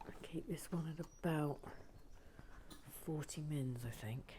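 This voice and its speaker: A British woman chatting playfully in a soft, often half-whispered voice as she builds in a chilly garden shed. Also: low-pitched, measured pace, a little hiss or hum. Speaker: video host building toy bricks. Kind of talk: relaxed build-along chat.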